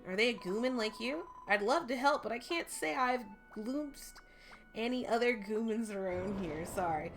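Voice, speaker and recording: A bubbly little slime creature chatters along sweetly, as a woman reads it out over faint game music. The voice sits a touch high and stays friendly and apologetic. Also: animated, moderate pace.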